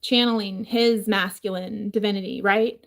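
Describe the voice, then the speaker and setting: A woman's voice: medium pitch, steady tone, normal speed, vocal fry, a bit bright. A woman talking casually in a rambling home vlog from her kitchen, her voice changed by a throat injury, full of fillers and swearing. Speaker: vlogger.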